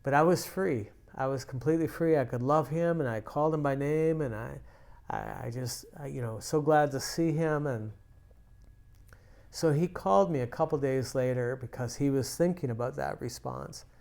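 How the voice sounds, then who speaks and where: A man's voice: medium pitch, normal speed, gravelly, a little mellow. A male pastor teaching a sermon, telling a personal story in a conversational way with frequent restarts.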